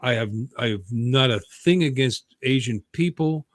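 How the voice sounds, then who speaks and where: A man's voice: mid-range voice, moderate pace, no room sound. A man hosting a casual livestream chat from home, rambling and joking, often stopping himself mid-sentence. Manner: rambling, jokey, self-interrupting. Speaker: host.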